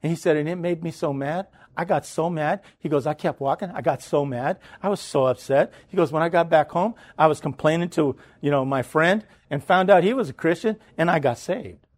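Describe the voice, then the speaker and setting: High-voiced man preaching a story. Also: fairly quick, hardly any pauses. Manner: animated storytelling, frequent restarts and repeated words. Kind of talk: sermon storytelling.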